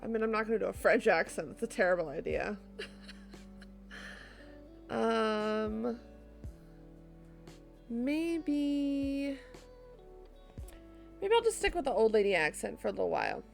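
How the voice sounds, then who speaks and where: A woman streaming a story game, musing aloud and poking fun at herself in a casual way. Her voice is fairly high and lively, with a gravelly fry. Game music runs behind her. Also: unhurried, long pauses. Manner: musing aloud, self-mocking. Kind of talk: casual live-stream commentary.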